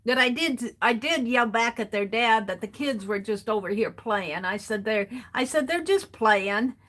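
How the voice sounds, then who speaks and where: Slow-talking bright-voiced woman chuckling often. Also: on the high side, lively intonation. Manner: rambling, chuckles often between sentences. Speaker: art journaling livestream host. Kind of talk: casual storytelling while crafting.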